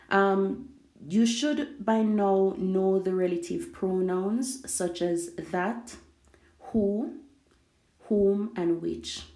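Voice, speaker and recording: A woman teaching an English grammar lesson, explaining slowly and glossing words in Spanish. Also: on the low side, warm tone. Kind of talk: language lesson. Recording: echoey room.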